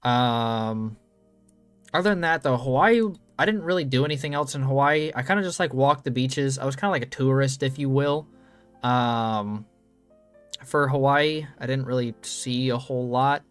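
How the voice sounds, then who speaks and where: A young man in casual chat, spinning a story at a loose, meandering pace. He swears easily and fills pauses with ums. Faint guitar music plays in the background. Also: mid-range voice, clean tone. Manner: rambling, loose, swears freely, many ums. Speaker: streamer.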